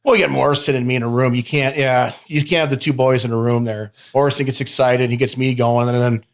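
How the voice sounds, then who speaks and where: Fast, at a medium pitch with fairly even intonation, a wrestler guest talks through a casual sit-down in an interview studio. He's loud and loose, laughing often, swearing freely, and calling his host "babe".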